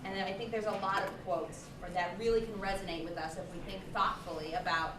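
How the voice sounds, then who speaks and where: A woman presenting a hands-on workshop to early childhood teachers, lively and encouraging, often saying um. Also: mid-range voice, fast. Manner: lively, encouraging, with frequent ums. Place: large room with a group. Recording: echoey, distant, noisy room recording.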